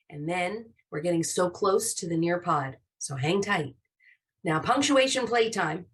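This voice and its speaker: A woman teaching a live online class to young children, animated and encouraging. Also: medium pitch. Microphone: video call.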